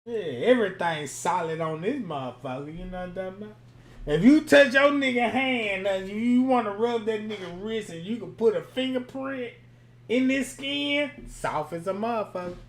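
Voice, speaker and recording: A man streaming a casual reaction commentary, loud and profane, who slips into sung bits and mock voices. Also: high-pitched, animated, moderate pace. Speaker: streamer host.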